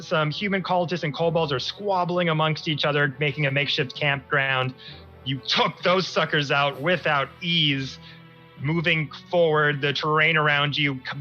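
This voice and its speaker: A man's voice: a little high, pushed and bright, dull audio. A man running a tabletop game as game master, narrating in a casual style with plenty of fillers.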